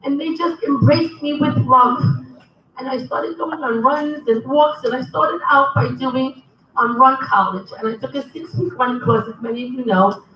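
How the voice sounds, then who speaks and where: A woman shares a funny personal story at a convention, her voice high and lively. She speaks from a distance in a roomy, echoing hall. The sound is dull and lo-fi, with faint noise behind her. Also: normal speed. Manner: lively storyteller, acting out dialogue. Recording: echoey hall, from far off, dull.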